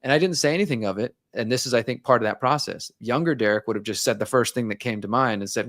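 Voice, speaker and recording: A man's voice: mid-range voice, quick pace, few pauses, a bit bright, no echo. Candid, reflective man in a dry room. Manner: reflective, openly personal, acts out his own inner dialogue. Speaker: interview guest. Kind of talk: candid conversational interview.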